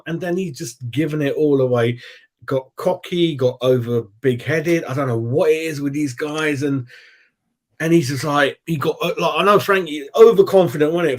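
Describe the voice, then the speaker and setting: A man hosting a football fan chat, talking in a rambling, animated way and calling everyone mate. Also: a little high, moderate pace. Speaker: fan channel host.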